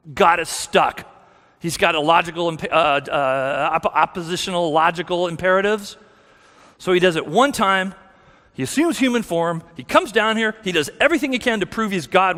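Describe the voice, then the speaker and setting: A man's voice: sits high, sharp tone. A man with a slightly raised voice tells his conversion story from the front of a church. He talks candidly and mocks himself, often breaking off and restarting his sentences. A long hall reverb trails behind every phrase. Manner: candid, self-deprecating storytelling with frequent restarts. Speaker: guest speaker. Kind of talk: personal testimony talk. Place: church sanctuary.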